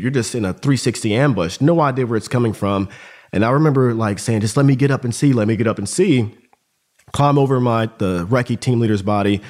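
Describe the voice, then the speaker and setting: A man talking as a podcast guest, telling a story casually and with energy. He peppers his talk with dude and bro. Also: mid-range voice. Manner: animated, slangy, calls listener dude and bro.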